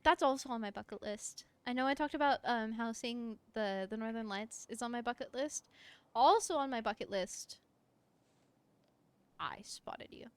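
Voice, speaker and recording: A woman streaming from her room, chatting casually while she plays, gushing and excitable with frequent laughter. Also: on the high side, moderate pace, clear, resonant tone, no room sound. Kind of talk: casual live-stream chat while playing.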